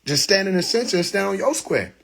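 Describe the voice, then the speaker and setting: A man's voice: sits high, expressive, a little fast, gravelly, a bit bright. A man hosting a live social media stream from his phone, telling a story in loose slang with frequent laughter. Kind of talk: casual live stream monologue.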